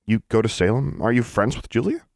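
A man voicing a blunt, quick-tempered teenage witch girl. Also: medium pitch, animated, darkish tone, no echo, studio quality, voice pushed up. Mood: defiant. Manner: blunt, defiant.

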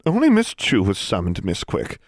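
A man's voice: on the low side, huge pitch swings, moderate pace, dry recording, clean studio sound. A man voicing a prim, officious woman secretary in a talking portrait, speaking in clipped phrases in a storybook reading.

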